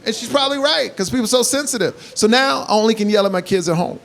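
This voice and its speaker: A man doing stand-up comedy who tells animated stories and builds up to shouts. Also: high-pitched, quick pace, creaky. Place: comedy club stage. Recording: live club set with crowd laughter. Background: audience laughter and room hiss.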